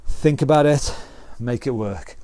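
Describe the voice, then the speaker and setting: A British-accented fitness instructor leads an online exercise class, counting down rounds, calling out moves and offering encouragement. His medium-pitched voice is dark and a touch slow, recorded with no echo.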